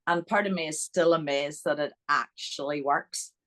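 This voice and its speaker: Low-voiced Northern Irish woman. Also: moderate pace, rough recording. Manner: animated, chatty anecdotes. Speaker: guest. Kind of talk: podcast interview storytelling.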